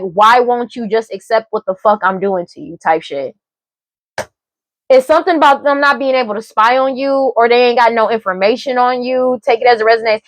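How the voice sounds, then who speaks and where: A woman's voice: on the high side, no room sound. A woman giving a casual tarot reading, talking emphatically and repetitively with a lot of profanity and frequent laughs. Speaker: tarot reader.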